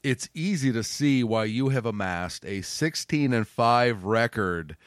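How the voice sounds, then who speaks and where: Male podcast host, mid-pitched voice, slow and deliberate, short responses. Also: expressive, no echo, clean studio sound. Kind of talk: casual interview.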